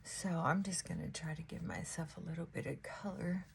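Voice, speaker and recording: A woman's voice: on the low side, fairly even intonation, moderate pace, gravelly, slight background noise. A middle-aged woman chatting casually to viewers while she does her makeup at home. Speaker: beauty vlogger. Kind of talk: casual get-ready-with-me chat.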